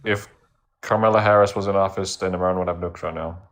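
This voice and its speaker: A man's voice: low voice, steady tone, fast talker, a bit bright. Stumbling male caller faking an accent. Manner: stumbling, repetitive, put-on American accent. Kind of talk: call-in banter. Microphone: phone line.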